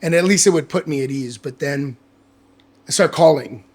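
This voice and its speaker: A man telling a personal story on a podcast, his voice sitting a touch higher than most men's. He talks in a candid, animated way, swearing freely and slipping into the voices of the people he quotes. It stays loose and conversational throughout. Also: normal speed, slightly rough. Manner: animated, acts out quoted dialogue. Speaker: podcast guest. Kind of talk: casual storytelling chat.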